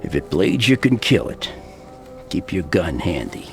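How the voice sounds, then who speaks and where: A gravelly, world-weary barkeeper in a video game, blunt and mocking toward strangers. He speaks low and slow, yet his pitch rolls up and down expressively. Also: big pitch swings, faint music behind, heavily acted. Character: gruff, cynical barkeeper of a seedy pub.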